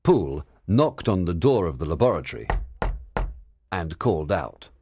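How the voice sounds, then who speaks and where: A man narrating a story for English learners in a clear, measured reading style. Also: sits low, big pitch swings, music in the background.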